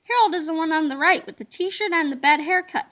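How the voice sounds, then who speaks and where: A woman reading a children's chapter book aloud in a playful, expressive way. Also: very high voice, brisk, muffled recording. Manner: expressive, playful storybook delivery. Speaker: reader.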